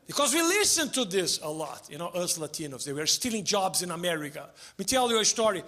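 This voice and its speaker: A man doing stand-up comedy, deadpan and chuckling at his own jokes, on a stage mic. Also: high-pitched, a little fast. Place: theater stage before a live audience. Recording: live show with crowd laughter. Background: audience laughter.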